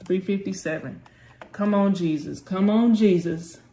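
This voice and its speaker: A woman's voice: mid-range voice, a little slow, warm tone, reverberant. A woman hosting a live trading session, urging the chart on aloud and calling on the Lord as she talks. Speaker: trading channel host.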